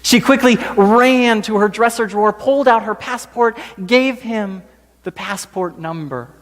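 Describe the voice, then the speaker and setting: Brief: male preacher, measured gentle storytelling, slightly high voice, long church reverb. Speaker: pastor. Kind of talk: storytelling sermon. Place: church sanctuary.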